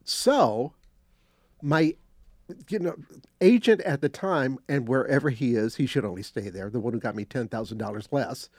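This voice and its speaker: An older man telling a casual anecdote as a guest, animated, acting out quotes and restarting phrases. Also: medium pitch, normal speed, no room sound, clean studio sound. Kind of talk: casual storytelling.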